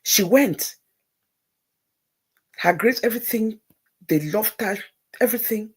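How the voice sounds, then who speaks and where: A middle-aged woman, hosting a livestream and telling a personal story, moving between hushed near-whispers and tearful outbursts. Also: a little high, measured pace. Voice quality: gravelly, very husky voice. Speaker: livestream host.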